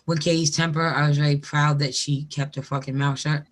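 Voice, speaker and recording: A woman's voice: sits low, level tone, brisk, a little hiss or hum. A woman in casual group chat, talking freely, swearing and laughing often.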